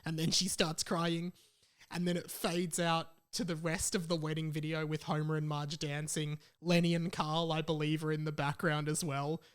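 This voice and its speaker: A man's voice: fairly high pitch, level tone, normal speed, clean tone. Chatty, rambling podcast host man. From Australia. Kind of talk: casual solo podcast chat.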